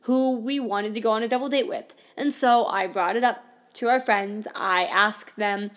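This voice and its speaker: A woman's voice: fairly high pitch, moderate pace. A woman in her twenties telling a personal story as a podcast host, in a candid, conversational way full of "like" and "I mean.".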